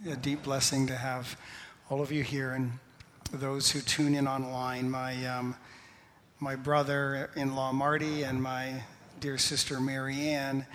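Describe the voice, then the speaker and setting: A male pastor giving a sermon in a church, slow and measured, laughing at himself now and then. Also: mid-range voice, a bit bright, slight background noise. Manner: slow, measured preaching with a self-deprecating laugh. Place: church sanctuary. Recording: long hall reverb.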